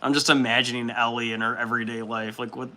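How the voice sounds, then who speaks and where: A young man hosts a hobby livestream, reading viewer comments in a mid-range voice that's quick, flat in delivery, and pushed and bright. He's laid-back, laughs a lot, and swears freely.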